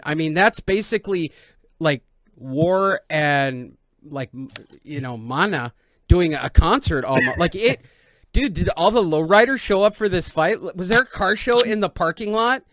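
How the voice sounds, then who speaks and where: A man from East Los Angeles hosting a boxing podcast, joking and telling animated stories in casual chat. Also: sits high, unhurried, dry recording. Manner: loud, joking, animated storytelling. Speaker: podcast host.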